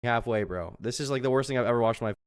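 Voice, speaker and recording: A man streaming commentary on a podcast, ranting in an exasperated, sarcastic way with sudden loud outbursts. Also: mid-range voice, rapid-fire, smooth.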